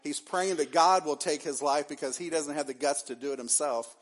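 A man's voice: a little high, steady tone, normal speed. A man preaching a sermon as pastor, acting out the figures' lines with dramatic swings. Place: church sanctuary.

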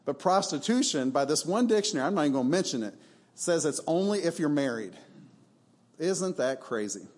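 A man preaches to his congregation in a church, using an emphatic, conversational style. His voice sits a little on the high side, and he leans on rhetorical questions and asides. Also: expressive, brisk, a little mellow. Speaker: pastor. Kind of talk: sermon.

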